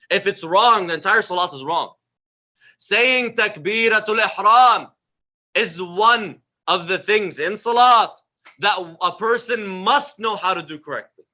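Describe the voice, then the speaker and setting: A young man, a religious teacher, delivers an informal sermon on prayer in a high, pushed, bright voice. His talk is emphatic and conversational, and he often repeats his phrases.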